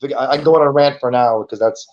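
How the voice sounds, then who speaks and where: A New man in his fifties talks loosely as a podcast guest, stumbling over his words and circling back as he tells his story. His voice sits at an ordinary pitch. The recording has a dull, muffled, lo-fi quality. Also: quick pace, darkish tone, slight background noise. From New York. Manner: rambling, stammering repeats. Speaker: guest, comic book street seller. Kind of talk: casual podcast chat. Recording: dull lo-fi sound.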